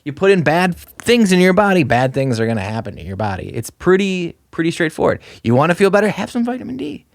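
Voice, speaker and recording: A man in his thirties co-hosting a podcast, talking in a loose, animated, rambling way with lots of fillers. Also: sits high, fast talker, creaky, no echo, clean studio sound. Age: 30s. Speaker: podcast co-host. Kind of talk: casual chat.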